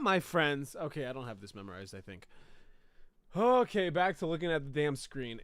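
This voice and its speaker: A man rehearsing a comic solo show, telling his story in a profane, animated way. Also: fairly high pitch, moderate pace, clean tone, no room sound. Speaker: performer rehearsing a monologue.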